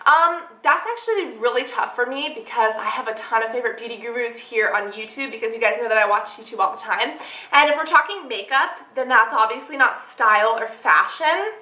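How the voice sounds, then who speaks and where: A woman's voice: fairly high pitch, a little fast, pushed and bright, reverberant. A young woman vlogging casually to her viewers, rambling a little with fillers as she answers questions. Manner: chatty, rambling, many fillers. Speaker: beauty vlogger. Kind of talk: casual chat to camera.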